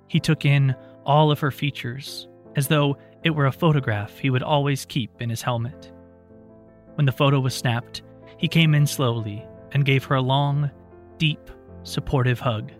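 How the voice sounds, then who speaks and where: Male audiobook narrator, steady, mid-pitched, soft music underneath.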